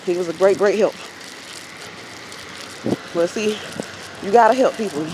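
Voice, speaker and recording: A woman's voice: mid-range voice, unhurried, background noise. A woman vlogger telling a story in a casual, chatty way and talking straight to her viewers while out on a walk. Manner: chatty, addresses viewers directly. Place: outdoors while out walking.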